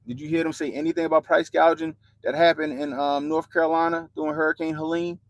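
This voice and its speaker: A young man hosting a livestream, ranting bluntly and profanely about politics to his chat in animated slang. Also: fairly high pitch, fast talker, dry recording, low-quality recording. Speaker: livestream host.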